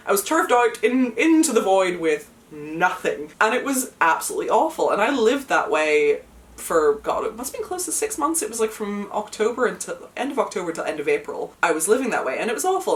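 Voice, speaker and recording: This young woman from the United Kingdom, her voice on the low side, chats to camera indoors at home, with the mic at a distance. She's emotional and talkative, using lots of fillers and laughing nervously when things get hard.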